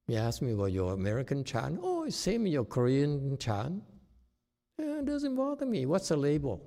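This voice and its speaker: A man whose first language is Chinese, giving a slow, plain-spoken dharma talk as a meditation teacher, often checking in with "okay?". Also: medium pitch, warm tone. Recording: long hall reverb.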